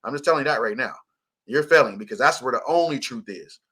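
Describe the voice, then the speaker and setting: A man's voice: medium pitch, expressive, fast talker, bright, forceful tone, husky. A man hosting a radio show, teaching scripture in casual talk, blunt and profane, laughing often.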